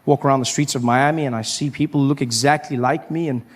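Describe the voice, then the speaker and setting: A man's voice: medium pitch, steady tone, fast. A South African man doing a stand-up comedy set, wry and self-mocking, acting out people as he talks. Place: live comedy stage.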